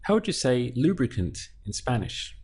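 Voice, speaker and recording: A man's voice: mid-range voice, very animated, normal speed, a little mellow, husky. A man teaching a language lesson, patiently splitting words into syllables and repeating them. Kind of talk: slow, clear language lesson.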